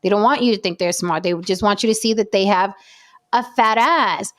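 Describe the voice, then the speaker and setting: A woman's voice: mid-range voice, a little fast. A woman hosting a casual panel talk show, making her points with emphatic repetition. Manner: emphatic, repeats points for effect. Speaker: podcast host.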